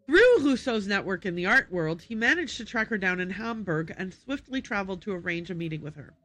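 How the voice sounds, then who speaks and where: A woman streamer reading in-game documents aloud on a livestream, careful and unhurried, stopping to correct and reread her slips. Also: medium pitch, fairly bright tone.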